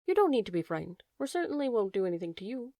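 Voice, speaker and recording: A woman's voice: medium pitch, sing-song, fast, mellow, no room sound. A woman voicing a curious, polite young male fawn who speaks eagerly and with wonder, in a dry-sounding storybook reading.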